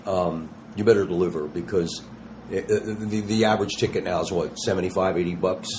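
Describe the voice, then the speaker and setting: Animated, slangy older man telling stories. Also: low voice, fairly quick, noisy background. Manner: animated, slangy storyteller who acts out quotes. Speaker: touring rock musician, guest. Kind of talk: casual interview storytelling.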